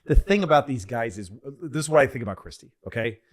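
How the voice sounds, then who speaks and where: A man chatting on a comedy podcast, wandering from point to point. He loses his train of thought often and jumps into loud impressions of the people he describes. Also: medium pitch, lively intonation, quick pace. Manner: rambling, loses his train of thought, acts out quotes loudly. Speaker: podcast co-host. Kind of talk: casual comedic rambling chat.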